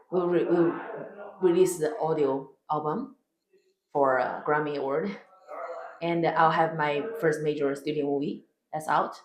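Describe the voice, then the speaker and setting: Low-voiced woman comedian with a Chinese accent, blunt and forceful, recorded in a roomy space. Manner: blunt and emphatic, swears freely. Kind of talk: interview answers.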